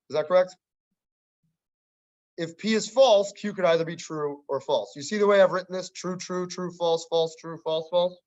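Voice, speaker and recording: A man's voice: on the high side, darkish tone. A male math teacher lecturing a class in a casual, conversational way, often checking whether students follow. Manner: conversational, keeps checking understanding, wry asides. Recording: dull lo-fi classroom recording.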